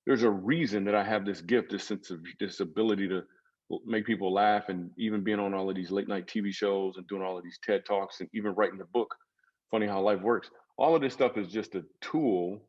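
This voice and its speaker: Comedian guest, male, low voice, lo-fi dull sound; loose, comic storytelling. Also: a little mellow. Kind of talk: storytelling interview talk.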